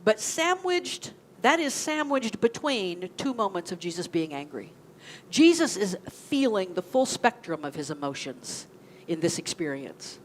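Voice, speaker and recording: Woman minister, casual sermon, middle pitch, faint church ambience. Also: big pitch swings, a little slow, slight background noise. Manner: conversational, asks the congregation questions. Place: church sanctuary.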